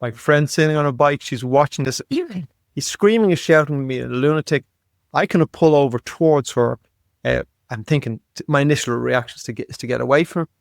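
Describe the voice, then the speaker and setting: A man's voice: medium pitch, brisk, creaky, no room sound. Dry-voiced man telling a story. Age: 50s. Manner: animated storyteller, repeats words when excited. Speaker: podcast guest. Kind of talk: storytelling in conversation.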